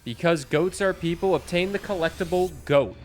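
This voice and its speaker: Playing a game at home, this young man from Canada keeps up casual, joking commentary in a high voice at normal speed. The background is noisy, with game music running behind him.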